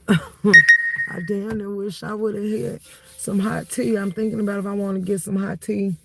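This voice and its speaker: A woman's voice: mid-range voice, a little slow, gravelly. A woman hosting a livestream, chatting casually and laughing as she gossips, tired and cold. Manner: animated, laughing gossip with frequent "baby" and "y'all". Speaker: livestream host.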